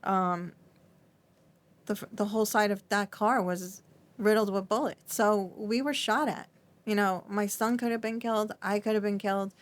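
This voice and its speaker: Middle-aged woman, podcast guest, mid-pitched, trembling voice, halting and full of restarts. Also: fairly even intonation. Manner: halting, repeats and restarts often, fillers like "like". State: shaky, trembling. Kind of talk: emotional interview recollection.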